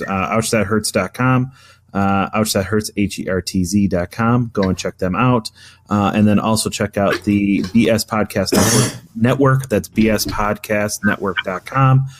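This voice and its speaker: A man hosting a casual gaming podcast, telling a long story with lots of fillers and restarts. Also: lowish voice. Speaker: podcast host.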